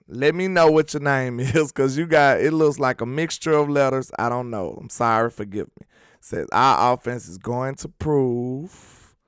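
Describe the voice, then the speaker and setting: A man's voice: mid-range voice, smooth, no room sound, studio quality. A man hosting a casual sports talk livestream, reading viewer comments and riffing on them in emphatic slang. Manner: slangy and emphatic, worked up about his team. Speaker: sports talk show host.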